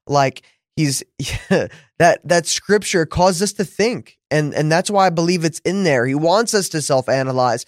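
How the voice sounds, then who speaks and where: Man, podcast host, preacherly, fervent, higher voice, dry close sound. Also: dry recording. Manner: fervent, preacherly, slows into prayer. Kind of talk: faith podcast conversation and prayer.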